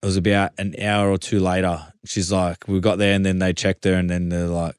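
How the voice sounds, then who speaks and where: A man's voice: sits low, little pitch movement, fairly quick, few pauses, clean tone, no echo, clean studio sound. A man with an Australian accent telling a long story in casual chat, full of fillers and restarts. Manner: rambling storytelling with many fillers. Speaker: podcast guest, footballer.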